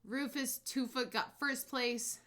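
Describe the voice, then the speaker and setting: A young woman streamer chatting casually over her travel photos, bubbly and gushing, breaking into excited squeals. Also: high-pitched, slow pace.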